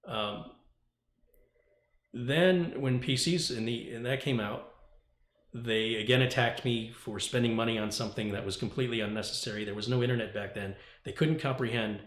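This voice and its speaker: A man hosting a casual tech stream, telling a story in an animated, ranting way. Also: medium pitch, normal speed, reverberant. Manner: ranting, animated storytelling with mock quoted voices. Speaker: tech YouTuber host. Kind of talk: casual livestream chat.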